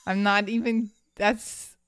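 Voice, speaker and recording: A podcast host recounts a story in casual chat, animated and often laughing. The voice is smooth and clear, recorded dry and close. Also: medium pitch, slow, no room sound.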